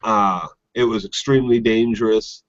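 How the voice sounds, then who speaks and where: A man co-hosting a casual TV recap podcast, chatty and quick to laugh. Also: lowish voice, steady tone, dry recording. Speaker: podcast co-host. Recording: dry, dull lo-fi audio.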